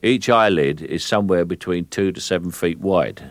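Older english guy, very deep voice, slow and measured, dry close mic. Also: no room sound. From England. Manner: measured, slow, repeats words while thinking. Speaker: actor, interview guest. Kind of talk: radio interview.

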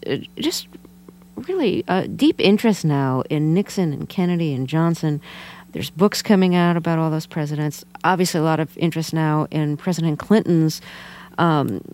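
A woman's voice: lowish voice, a little mellow. Woman interviewer asking long questions. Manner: asks long, hesitant questions. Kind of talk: radio interview.

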